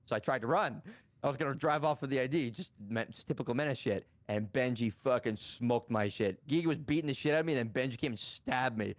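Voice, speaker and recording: A man's voice: medium pitch, fast, no echo. A man telling a story in a casual chat, rambling with many restarts and casual swearing. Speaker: guest streamer.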